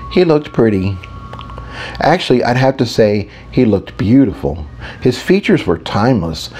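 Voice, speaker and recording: A man narrating a first-person audiobook. His voice is low and mellow, with a warm, soft edge. He reads in an intimate, reflective storytelling manner.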